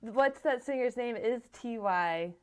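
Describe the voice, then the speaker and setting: A woman's voice: fairly high pitch, animated, a little slow. Rambling enthusiastic woman podcaster. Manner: enthusiastic, rambling, lots of fillers. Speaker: podcast co-host. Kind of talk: casual chat.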